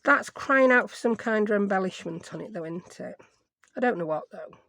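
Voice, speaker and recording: Chatty woman, gravelly. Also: mid-range voice, lively intonation, moderate pace, a bit bright, no room sound. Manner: chatty, rambling, thinks aloud. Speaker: craft vlogger. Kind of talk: casual chat while crafting.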